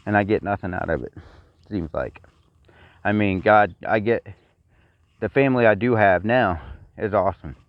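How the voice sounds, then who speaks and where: Here the Texan man, a middle-aged vlogger, is a little fast, his voice on the low side with no echo. He rants angrily about personal grievances to a camera on his own, repeating himself bluntly and with profanity, captured in a dry, rather dull, cheap-sounding recording.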